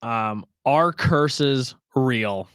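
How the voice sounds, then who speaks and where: A man's voice: medium pitch, fairly bright tone, smooth, no room sound. Jokey guy on a podcast, mid voice, teasing, dry close mic. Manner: joking, teasing, drawn-out delivery. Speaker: podcast co-host. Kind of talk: casual chat.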